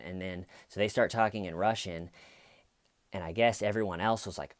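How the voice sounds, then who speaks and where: A man's voice: lowish voice, fairly quick, no echo. A man, a stand-up comedian, telling a casual story to camera in a rambling way, full of fillers.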